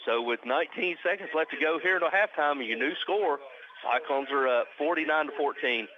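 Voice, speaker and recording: A man calling a high school football game live on the radio as the play-by-play announcer, speeding up and rising on big plays. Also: brisk. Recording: muffled radio broadcast with faint noise.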